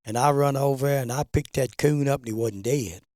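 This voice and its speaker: A man's voice: mid-range voice, a little fast, no room sound, studio quality. An older man telling a hunting story in a folksy, casual way. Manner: folksy, gets excited showing his scar.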